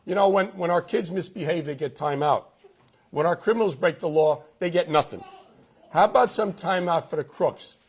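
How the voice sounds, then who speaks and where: A man's voice: a little high, moderate pace, slightly rough. A middle-aged man with a New York accent giving a punchy campaign announcement speech, repeating lines for effect. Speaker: political candidate. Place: outdoors at a golf club event. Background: crowd.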